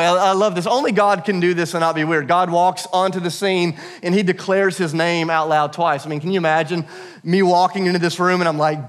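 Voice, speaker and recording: A man in his thirties preaching a lively, humorous sermon to his congregation, calling on them to answer. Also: high voice, brisk. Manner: energetic, humorous, calls out to the congregation. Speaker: pastor.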